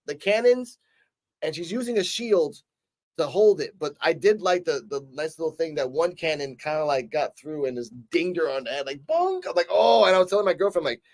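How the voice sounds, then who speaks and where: A man casually reviewing a show episode, animated and acting out scenes as he recaps, with the odd swear. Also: a little high. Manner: animated, acts out scenes in quick voices; casual, swears now and then.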